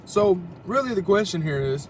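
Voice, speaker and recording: A man's voice: high voice, animated, moderate pace. A young man co-hosting a casual podcast, talking loosely and profanely and joking around inside a car. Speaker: podcast co-host. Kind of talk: casual chat. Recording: distant mic with car noise.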